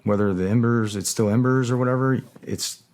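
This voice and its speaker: A middle-aged man as an interview guest, talking candidly and reflectively, often pausing to search for words. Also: medium pitch, steady tone, a little mellow. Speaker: interview guest, former special operator. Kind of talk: candid long-form interview talk.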